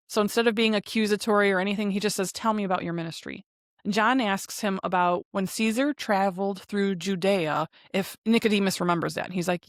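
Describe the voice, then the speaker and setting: A woman of middle pitch talks through a TV episode scene by scene, loose and conversational, slipping into short quoted lines. The sound is close and dry, with no room around her. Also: gravelly, no echo. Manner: chatty retelling with fillers and quoted lines. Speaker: podcast co-host. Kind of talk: casual episode recap.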